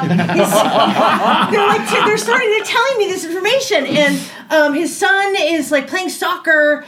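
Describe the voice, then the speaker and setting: A young adult woman telling a personal story in a casual way, animated, laughing often and acting out the voices she quotes. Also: extremely high pitch, unhurried, few pauses, a loud crowd.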